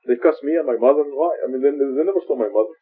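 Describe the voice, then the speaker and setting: A man's voice: fairly high pitch, slightly rough. A man leading an informal religious study, quoting dialogue with many fillers and frequent laughs. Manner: laughs often, quotes dialogue, halting with fillers. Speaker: teacher leading a Quran study. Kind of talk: informal religious teaching talk. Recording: tinny lo-fi old recording.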